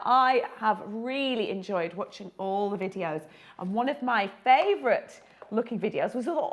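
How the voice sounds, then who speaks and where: A woman who illustrates children's books, chatting and joking as she teaches children to draw. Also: a little high. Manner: chatty, jokey, talks to children. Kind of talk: live drawing tutorial for children.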